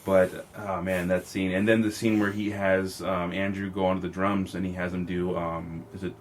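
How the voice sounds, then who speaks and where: A man co-hosting a podcast, talking excitedly and profanely in a casual film review chat. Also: deep voice, moderate pace, slight background noise. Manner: excited, profane, retells scenes. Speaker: podcast co-host.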